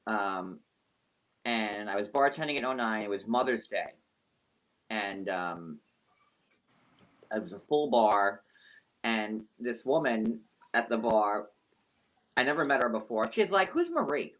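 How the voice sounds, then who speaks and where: A man hosting a live stream, telling a personal story in an animated, emphatic way with some swearing. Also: lowish voice, slow, long pauses. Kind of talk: casual storytelling.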